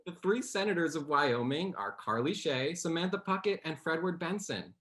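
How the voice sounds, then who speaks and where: A woman's voice: expressive, moderate pace, fairly bright tone. A woman playing a bumbling, confident fake male dialect coach in a comedy sketch, talking breezily. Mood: breezy bluffing. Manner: brash, breezy, bursts into high exaggerated accent voices.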